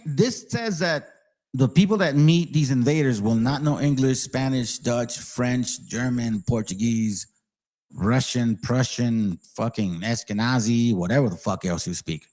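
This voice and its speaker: A man's voice: mid-range voice, measured pace, darkish tone. A man hosting his channel, giving a heated, profane and sarcastic ranting commentary. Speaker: channel host.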